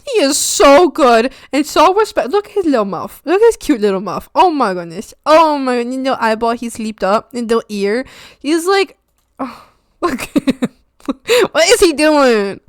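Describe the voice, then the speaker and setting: A young woman streamer chats on her art stream in a high, lively voice that swoops up into gushing baby talk and giggles. She sits close to a desk mic, and the sound is dry and close. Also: measured pace, no echo. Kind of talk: casual stream chat. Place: home streaming setup.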